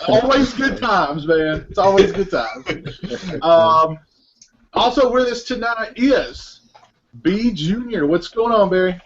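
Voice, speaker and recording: A man's voice: high voice, animated, slow pace, lo-fi sound. A man acting as moderator of a casual group film commentary, introducing each guest and laughing often.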